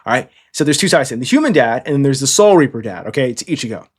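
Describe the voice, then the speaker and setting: A man's voice: mid-range voice, sing-song, very fast, husky. A man in casual, rambling commentary, blunt and profane, who keeps checking in with "okay?". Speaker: anime commentator. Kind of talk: casual tier-list commentary.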